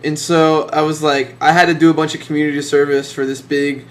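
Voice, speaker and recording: A man's voice: a little high, flat delivery, a little fast. A young man telling a boastful, sarcastic mock story about leaving his band.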